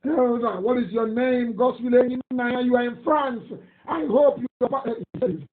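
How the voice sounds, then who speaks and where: A man's voice: extremely high pitch, a little slow. A man with a Nigerian accent giving a live radio broadcast, reading listener messages in an emphatic, indignant, repetitive way. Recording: tinny phone-like audio, echoey room.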